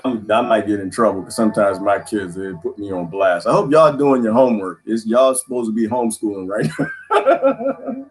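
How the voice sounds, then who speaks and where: A man's voice: on the low side, moderate pace. A man hosting a live stream, telling crude, funny stories in casual chat with his viewers and laughing often. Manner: animated storytelling, crude joking, laughs often.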